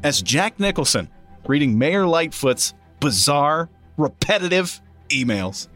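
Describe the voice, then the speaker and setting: A man's voice: fairly high pitch, sing-song, measured pace, a bit bright, faint music behind. A man co-hosting a podcast who sets up bits and teases his partner in casual comedic talk. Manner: dry teasing, sets up bits. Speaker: podcast co-host and producer.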